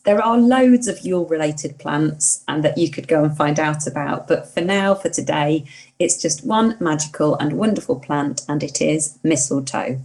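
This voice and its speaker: A woman from England co-hosting a podcast, chatting enthusiastically, laughing often and firing off quick questions. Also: deep voice, gravelly, darkish tone. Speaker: podcast co-host, hedge witch. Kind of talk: casual chat.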